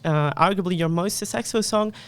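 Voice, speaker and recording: A man's voice: high-pitched, fairly quick, clean tone. A man from Brazil with a Brazilian Portuguese accent, interviewing a guest for the radio in a friendly way. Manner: friendly, laughs along, many short backchannels. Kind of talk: interview questions.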